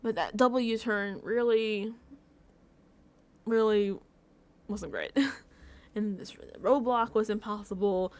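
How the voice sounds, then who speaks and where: A woman's voice: mid-range voice, takes it slowly, pauses often, darkish tone. A woman vlogger recapping a reality show in a casual reaction chat, talking emotionally and effusively, full of "like" and breaking into laughs. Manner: effusive, emotional, filler-heavy with frequent "like"; laughs between phrases.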